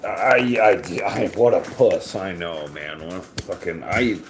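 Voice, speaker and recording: A man's voice: low-pitched, animated, a little slow, reverberant, slight background noise. A man vlogging in casual chat, rambling and joking with crude language.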